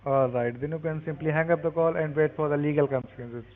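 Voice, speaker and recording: A man's voice: a little high, steady tone, fast. A man cold-calling as a scam caller, speaking in a curt, pushy way with broken phrasing. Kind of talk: scripted phone scam. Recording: tinny phone line.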